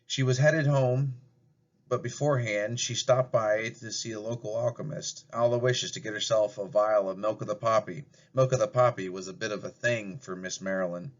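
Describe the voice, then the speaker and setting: A man's voice: on the low side, fairly even intonation, moderate pace, lo-fi sound. A man narrating a fairy-tale story in a plain read-aloud way for a class project. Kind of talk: amateur storybook reading.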